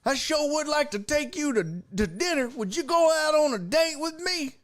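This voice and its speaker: A man's voice: very high voice, expressive, voice pushed up. A man putting on a dopey drawling old Southern guy. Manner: drawling, dim and unhurried. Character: slow, aloof older Southern man, barely there. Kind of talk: comic story impression.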